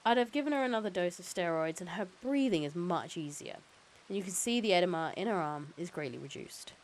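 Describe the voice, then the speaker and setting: A woman reading the lines of a calm, careful male hospital doctor who explains things in a measured way. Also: fairly low pitch, slight background noise, lightly acted, poor audio. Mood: calm explaining.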